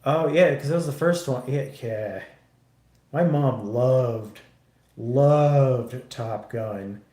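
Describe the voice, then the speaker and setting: Male streamer, unhurried and profane, rambling casual chat, roomy sound. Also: mid-range voice, warm tone. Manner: rambling and profane, many restarts. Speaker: livestreamer. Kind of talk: casual chat while building a model kit.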